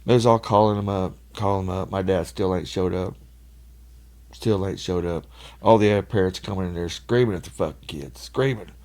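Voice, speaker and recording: A gravelly, low-voiced man spins folksy stories on a podcast. He swears freely and breaks into laughter often. He sounds middle-aged. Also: fairly quick, darkish tone. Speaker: podcast guest. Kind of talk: casual storytelling.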